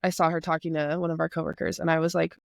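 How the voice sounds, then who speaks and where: A woman's voice: low voice, fast, vocal fry, no room sound, clean studio sound. A young woman in her twenties, a makeup creator, telling rambling stories in casual chat with lots of "like". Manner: animated storyteller, rambling with lots of "like".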